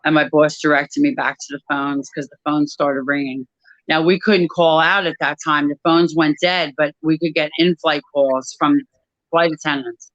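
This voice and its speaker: A woman giving a personal testimony about her work at an airline crew desk, talking in a halting way with many pauses and restarts. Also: sits low, steady tone, a bit bright, no echo, lo-fi sound.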